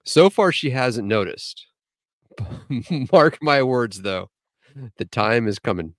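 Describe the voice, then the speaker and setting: A man co-hosting a casual podcast, setting up jokes deadpan and swearing casually. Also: medium pitch, slow, no room sound, studio quality. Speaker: podcast co-host.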